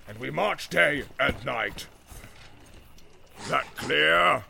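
Man voicing a gravelly orc captain, growling, lively swings of pitch, commanding, audiobook. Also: very slow, a little hiss or hum, exaggerated voice. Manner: barking orders. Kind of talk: audiobook character voice.

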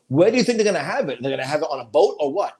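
A man's voice: on the high side, very animated, very fast, darkish tone. A middle-aged man in casual chat as a podcast co-host, profane and emphatic, stating strong opinions.

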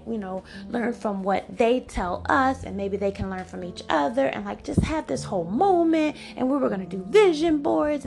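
A woman in her forties tells a personal story on her podcast, animated and chatty, with plenty of "like" and "you know". Her voice carries a gravelly edge of vocal fry. Music plays clearly beneath her voice throughout. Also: a little high. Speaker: podcast host. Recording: music playing underneath. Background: background music.

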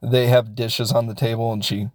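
A man's voice: mid-range voice, little pitch movement, moderate pace, dry recording, studio quality. Rambling, jokey man recapping a film. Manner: rambling, jokey, acts out characters. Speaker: film reviewer.

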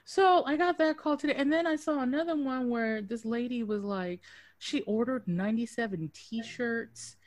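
A woman's voice: on the high side, normal speed, no echo. A woman co-hosting a casual podcast, swearing freely and acting out the people in her stories. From Dallas–Fort Worth area, Texas. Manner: profane, animated storyteller who acts out quotes. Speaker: podcast co-host. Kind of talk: casual chat.

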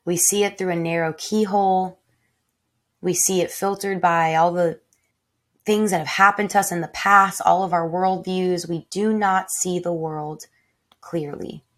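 A woman's voice: fairly low pitch, steady tone, a little slow, a bit bright. Emotional woman, swearing and reflective. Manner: emotional, swearing, heartfelt, self-talk. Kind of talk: raw personal reflection. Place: tiny home.

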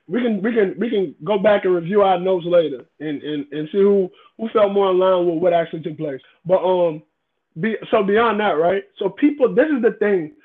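Man, casual debate, emphatic, profane, high voice, tinny phone-like audio. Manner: emphatic, repeats himself, profane.

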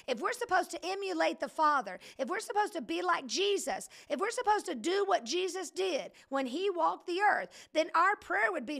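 A woman's voice: very high-pitched, expressive, normal speed, gravelly, few pauses, fairly bright tone. A woman leading a casual livestream Bible study, preaching in a chatty, joking way that keeps wandering off into digressions.

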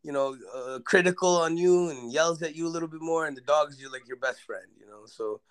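Podcast co-host, man, animated storyteller, slightly raised pitch. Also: a little fast, smooth. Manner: animated, laughs, acts out pets in put-on voices. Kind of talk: casual chat.

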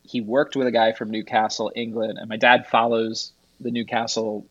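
A man's voice: lowish voice, little pitch movement, moderate pace, a bit bright, no echo. Rambling guy on a dull, dry mic. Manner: rambling storyteller, laughs at own tales. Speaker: guest. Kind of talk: casual podcast chat.

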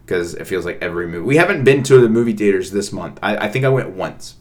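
A young man co-hosting a casual podcast with his partner, ranting playfully and getting loudly worked up. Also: on the low side, quick pace. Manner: playful ranting, animated outbursts. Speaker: podcast co-host. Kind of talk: casual chat.

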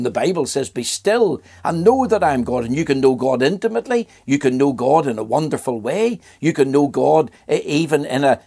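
A man's voice: medium pitch, vocal fry, a little mellow. An older man from Ireland preaching a sermon in an earnest voice, asking rhetorical questions and repeating phrases.

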